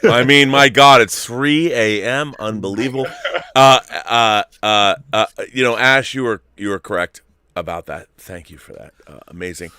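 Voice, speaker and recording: A middle-aged man hosting a late-night live-stream chat, ranting and swearing with loud bursts. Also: medium pitch, moderate pace, smooth. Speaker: host.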